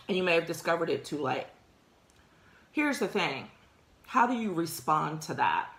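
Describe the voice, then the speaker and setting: A woman's voice: lowish voice, gravelly, fairly bright tone, roomy sound. A woman hosting a career podcast, talking through workplace advice in a conversational, emphatic way with frequent laughs. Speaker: podcast host. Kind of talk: casual advice talk.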